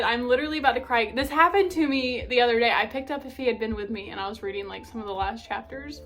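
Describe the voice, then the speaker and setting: A young woman chatting casually about her favorite books, gushing and animated, with lots of "like" fillers. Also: fairly high pitch. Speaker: book vlogger. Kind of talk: casual book review chat.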